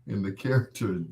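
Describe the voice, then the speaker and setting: A man's voice: lowish voice, mellow. A man hosting a radio music show in casual, rambling on-air chat. He jokes and laughs often.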